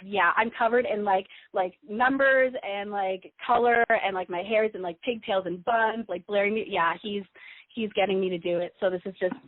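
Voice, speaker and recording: A woman calling in to a radio show, talking in an excited, rambling way with many restarts. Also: medium pitch, normal speed. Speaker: caller. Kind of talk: call-in radio chat. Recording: tinny phone line.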